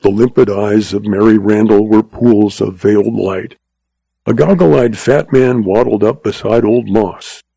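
Gravelly husky guy reading a western audiobook, dark tone, dry close mic. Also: fairly low pitch, a little slow, no echo, low-quality recording. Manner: steady, dramatic storytelling. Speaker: narrator.

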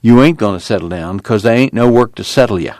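Brief: male reader as a low, tired drifter, drawling and blunt, dry close sound. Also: fast talker, a little mellow, no room sound, natural voice. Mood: weary insistent. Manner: drawling, matter-of-fact rural speech. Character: weary, patient migrant worker man.

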